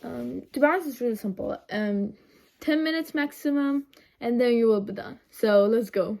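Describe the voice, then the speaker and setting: A young woman vlogging a casual makeup tutorial at home, rambling and chatty with lots of ums and side remarks, recorded on a phone camera set low. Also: normal speed, creaky, darkish tone.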